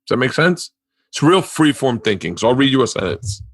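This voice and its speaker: A man's voice: mid-range voice, fairly quick, dry recording, clean studio sound. Rambling, profane male podcast host. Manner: rambling, profane, excitable storytelling. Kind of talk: casual chat.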